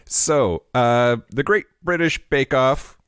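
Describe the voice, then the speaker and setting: A man's voice: mid-range voice, expressive, slow pace, a bit bright, clean tone, dry recording, studio quality. A man co-hosting a podcast, teasing his co-host with wry jokes in casual banter.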